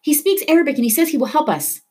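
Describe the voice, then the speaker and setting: A woman's voice: high-pitched, sing-song, quick pace, a little mellow, voice pushed up. A woman voicing a desperate, tired Syrian boy who pleads urgently for help, in a storybook read-aloud. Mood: eager.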